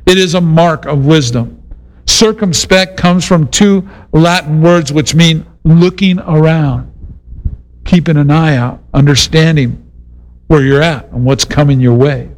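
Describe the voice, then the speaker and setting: A man's voice: a little high, a little slow, low-quality recording. Man preaching in a casual way. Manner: casual, conversational preaching with slangy asides. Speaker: pastor. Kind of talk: sermon with personal story.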